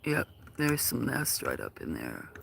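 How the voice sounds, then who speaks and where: A man hosting a casual livestream outdoors at a farm, talking in a soft, hesitant way with lots of fillers. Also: medium pitch, huge pitch swings, creaky, slight background noise. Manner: slow, soft-spoken, hesitant with many fillers. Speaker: livestream host.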